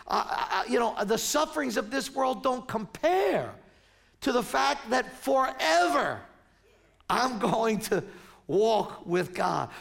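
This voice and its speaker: A man's voice: extremely high pitch, gravelly, a bit bright. A middle-aged man preaching a sermon as pastor, in a conversational way with stumbling restarts when he tells stories.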